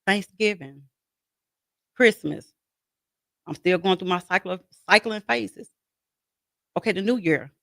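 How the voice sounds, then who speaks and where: A woman's voice: medium pitch, unhurried, gravelly, pauses often, a bit bright, no echo. A woman speaking as a guest in an interview about her life as a grieving mother, talking earnestly and repeating herself as she voices her own inner dialogue. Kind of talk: interview conversation.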